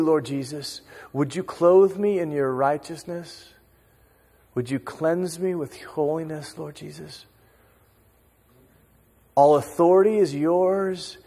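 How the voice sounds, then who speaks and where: A man leading worship in a slow, hushed, intimate prayer in a church sanctuary. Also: on the high side. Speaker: worship leader. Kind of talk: prayer over music. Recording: long reverb of a large hall.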